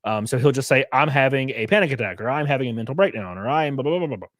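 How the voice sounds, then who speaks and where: A man talking casually on a live stream, animated, swearing freely and breaking into quick laughs. His voice sits in a middle range and the mic is close and dry. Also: mid-range voice, no room sound. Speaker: streamer host.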